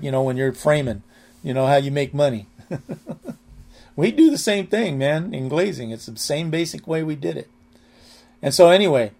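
A man's voice: fairly high pitch, darkish tone. An older man teaching a Bible study in a rambling, anecdotal, earnest way.

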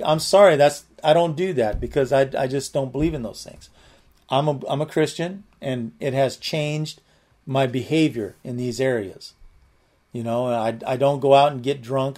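A man's voice: mid-range voice, darkish tone. A man giving a conversational Bible teaching, earnest and plain-spoken, rambling with many restarts and fillers.

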